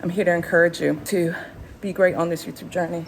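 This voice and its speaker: A woman's voice: on the low side, level tone, fast talker, vocal fry, a little hiss or hum, rough recording. A woman in her fifties vlogging unscripted from a gym while walking on a treadmill, a little out of breath, giving emphatic encouragement. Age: 50s. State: slightly out of breath. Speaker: YouTube channel host. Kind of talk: unscripted motivational vlog.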